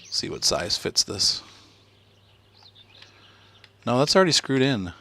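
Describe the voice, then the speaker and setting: A man's voice: medium pitch, sing-song, takes it slowly, pushed and bright, a little hiss or hum. A middle-aged man and father casually commenting on a car-building video game, thinking aloud and chuckling. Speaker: let's play host, father.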